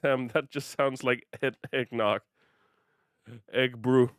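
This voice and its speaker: A man's voice: medium pitch, steady tone, takes it slowly, smooth, no echo, clean studio sound. A man livestreaming a racing game, chatting casually and playfully with his viewers and laughing often. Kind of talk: casual gaming livestream chat.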